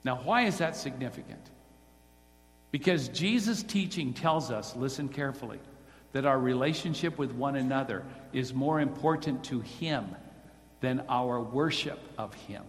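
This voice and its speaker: A man's voice: mid-range voice, normal speed. A man preaching a sermon to a congregation and putting direct questions to his listeners. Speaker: pastor. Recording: long hall reverb.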